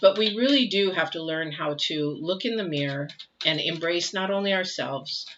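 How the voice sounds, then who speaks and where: A woman's voice: fairly low pitch, normal speed, noisy background. An older woman giving a casual tarot reading, chatty and repetitive, often asking rhetorical questions. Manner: chatty, repeats phrases, asks rhetorical questions. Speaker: tarot reader. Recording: dull lo-fi recording.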